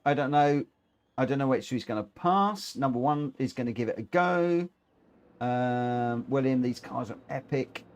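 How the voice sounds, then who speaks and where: A man streaming online races, giving excitable live commentary and chatting with viewers. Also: medium pitch. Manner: excitable, rising into animated commentary. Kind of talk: live race commentary and chat.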